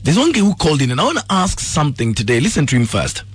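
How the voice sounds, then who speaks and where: Probing Kenyan radio host. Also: male voice, on the high side, huge pitch swings, racing, husky. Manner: probing, questioning. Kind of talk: morning radio talk.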